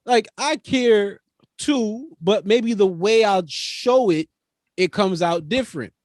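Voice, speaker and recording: A man's voice: sits high, slow, dry recording. A man from New York co-hosting a podcast in casual chat, blunt and emphatic, swearing freely. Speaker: podcast co-host.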